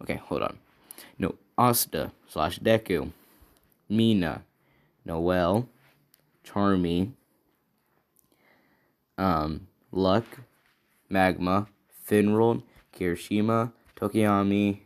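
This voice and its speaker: A man's voice: low voice, extremely slow, long pauses. A man improvising a fan story in a casual, rambling way, thinking aloud and correcting himself as he goes.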